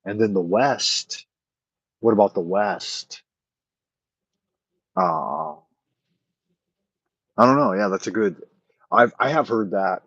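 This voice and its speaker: A man's voice: on the low side, slow, vocal fry, long pauses, fairly bright tone, slightly rough, no echo. A man hosting a casual late-night chat, rambling and thinking aloud with many fillers as he answers his viewers. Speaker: livestream host answering chat.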